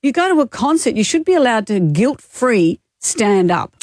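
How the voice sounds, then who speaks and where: A woman's voice: a little high, big pitch swings, normal speed, a little mellow, no room sound, clean studio sound. A woman co-hosting a radio show, telling stories and teasing her co-host in casual banter. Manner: chatty, teasing storyteller.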